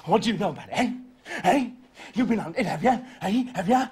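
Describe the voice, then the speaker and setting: A man's voice: sits high, lively intonation, a little fast, darkish tone, full character voice. An actor playing a volatile, cornered male poacher holding a hostage, snarling threats and stammering with fear, in a 1980s television police drama. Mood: bitter. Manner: snarling, rough threats turning to fearful stammering.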